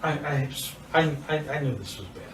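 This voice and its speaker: A man's voice: fairly high pitch, expressive, moderate pace, slight background noise. An older man being confronted, speaking hesitantly and stumbling over repeated words. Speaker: man confronted in a sting video. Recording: roomy distant audio with faint ambience.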